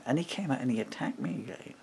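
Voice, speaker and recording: A man telling a story straight to camera in an animated, casual way, acting out what others said and chuckling between points. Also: mid-range voice, quick pace, gravelly, slight background noise. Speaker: vlogger.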